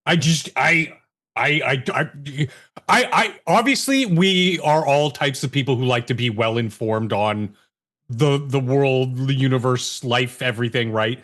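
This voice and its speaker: A man chatting on a panel over a video call, animated and profane, with stammering restarts. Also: medium pitch, unhurried. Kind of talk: casual panel chat.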